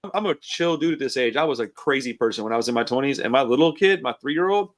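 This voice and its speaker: Talking fast and expressively in a mid-range voice, this man in his forties hosts a casual podcast chat. He's relaxed, meandering and foul-mouthed, heard through a computer call microphone.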